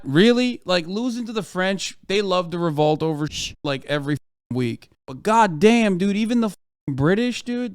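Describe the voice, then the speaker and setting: An American man rants through a livestream reaction, swearing and exasperated. His voice sits high and clear, and it is recorded close and dry. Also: no echo. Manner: profane, exasperated ranting. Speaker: streamer reacting to news.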